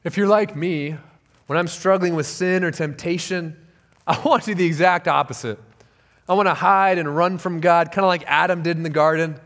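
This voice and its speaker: A man's voice: high-pitched, moderate pace, fairly bright tone. A man preaching a sermon as pastor, earnest and emphatic, often repeating key phrases for weight.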